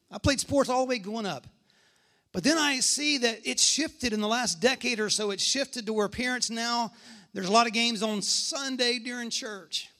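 A man's voice: sits high, a bit bright. A middle-aged man, a pastor, preaching a sermon and telling stories with emphatic repetition.

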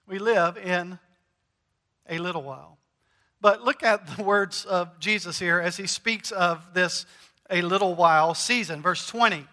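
A pastor preaching a sermon, measured and emphatic, pausing to stress key words. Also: male voice, high voice, pushed and bright. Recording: long reverb of a large hall.

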